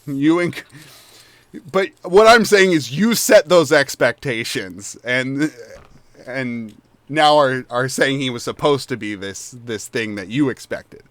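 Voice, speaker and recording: A man's voice: mid-range voice, takes it slowly, a bit bright, no room sound. A man running a tabletop role-playing game who chats, laughs easily and muses aloud about his character voices. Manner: self-deprecating, laughs easily, thinks aloud. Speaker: game master. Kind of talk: tabletop role-play narration and table chat.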